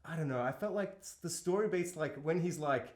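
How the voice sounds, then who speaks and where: A man co-hosting a casual film discussion podcast, animated and incredulous, swearing and acting out lines from the film. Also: a little high, fairly quick. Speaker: podcast co-host. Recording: echoey room.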